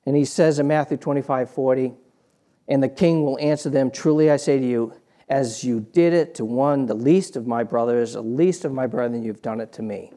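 Mellow-voiced man preaching a story sermon. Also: medium pitch, moderate pace. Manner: conversational, repeats words and restarts, swings from quiet to emphatic.

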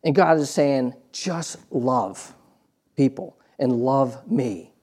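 A man preaching a sermon in a conversational, storytelling way, restarting phrases and swinging from quiet asides to emphatic points. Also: mid-range voice, lively intonation, takes it slowly.

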